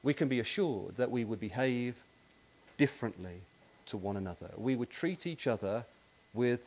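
A man's voice: medium pitch, animated, normal speed, a little mellow. A man preaching a sermon in a tent meeting, emphatic and repetitive, often addressing his listeners as brothers and sisters.

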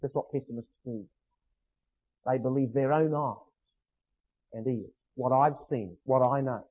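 A man preaching a sermon, emphatic, slowing to stress phrases and asking rhetorical questions. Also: medium pitch, darkish tone, husky, low-quality recording.

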